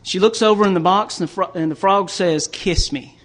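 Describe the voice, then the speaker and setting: A Tennessee man with a Southern US accent gives a folksy recovery talk at a conference as an AA speaker, telling stories that land on joke punchlines and frequently stammering and restarting. His voice is high-pitched and steady, a little fast. There's heavy background noise.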